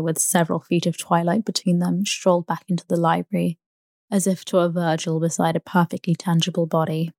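A woman reads a classic novel aloud as a bedtime sleep story. Her voice sits low and soft, and her reading is even and unhurried. The recording is close and dry, with no room sound. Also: no room sound. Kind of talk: calm scripted book reading.

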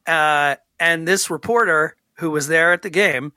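Man, sports podcast co-host, bright forceful voice, slightly high, dry close mic. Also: unhurried, no echo. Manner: animated, ranting, frequent restarts. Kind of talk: casual sports talk.

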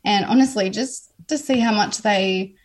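A woman appearing as an interview guest speaks earnestly and openly in a candid personal conversation, her mid-range voice at a normal pace, and she often restarts her sentences.

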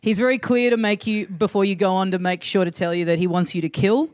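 A man's voice: sits high, steady tone, fast, no room sound. A man, a podcast host, chatting wryly and mocking himself. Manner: wry, self-mocking. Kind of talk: casual chat.

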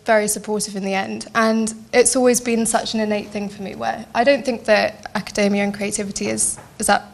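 A woman's voice: medium pitch, little pitch movement, fairly quick, creaky. A young woman, a poet, speaking as a panel guest in a self-mocking, jokey way. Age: young adult. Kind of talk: panel discussion.

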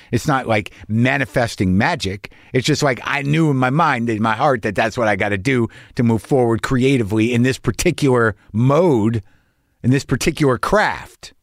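A middle-aged actor talking in a rambling, earnest way in a casual personal vlog, swearing now and then. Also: male voice, medium pitch, no echo, clean studio sound.

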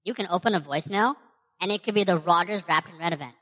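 Teasing voicemail caller, woman playing her bright, low, reverberant. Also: fast. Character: taunting caller calling herself Zol.

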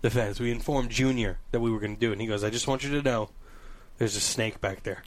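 A man in casual chat, telling a story with animated voices, frequent laughter and swearing. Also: mid-range voice, fast talker.

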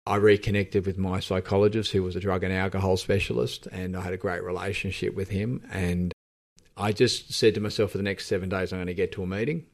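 A low-pitched Australian man speaks as a podcast guest. His telling is candid and reflective, and he often breaks off and restarts mid-thought. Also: fairly even intonation, creaky. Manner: reflective, halting, with frequent restarts. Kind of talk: candid personal storytelling.

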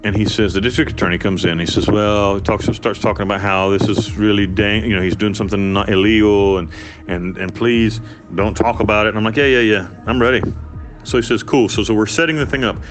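A man telling his own story in an interview, blunt and profane, with animated delivery. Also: lowish voice, fairly quick, music in the background. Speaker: interviewee, former prisoner.

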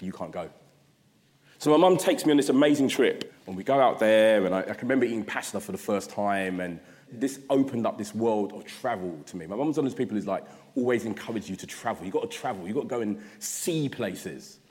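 A man, giving an animated, humorous storytelling address. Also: on the low side, quick pace. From South London. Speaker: guest speaker. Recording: long hall reverb.

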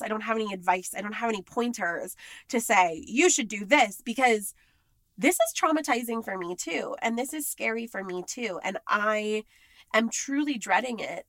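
A woman's voice: mid-range voice, a bit bright, no room sound. A woman talking candidly and with frustration in a casual monologue, emphatic and blunt.

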